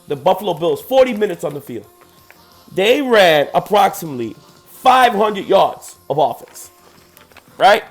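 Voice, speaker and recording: Heated, profane New sports ranter. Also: male voice, fairly high pitch, big pitch swings, normal speed, soft background music. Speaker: sports podcast host. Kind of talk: ranting sports commentary.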